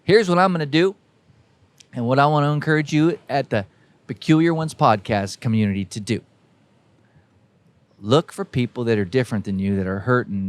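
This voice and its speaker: A man's voice: mid-range voice, dry recording. Folksy preaching American podcast host man. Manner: folksy, emphatic, exhorting listeners directly. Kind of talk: preachy motivational monologue.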